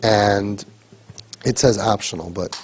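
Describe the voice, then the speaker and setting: A man's voice: lowish voice, steady tone, slow pace, very noisy. A middle-aged man, a crisis coach, giving an earnest, emphatic lecture to a group and often asking rhetorical questions. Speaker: parent crisis coach leading a sibling training group.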